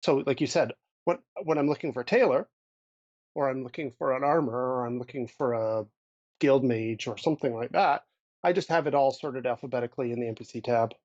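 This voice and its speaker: A man's voice: mid-range voice, darkish tone, no room sound. Man, podcast co-host, casual tabletop gaming chat, dull lo-fi dry sound. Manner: thoughtful, restarts a lot, drifts loose and slow. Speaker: podcast co-host, game master. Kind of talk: casual chat about running tabletop games.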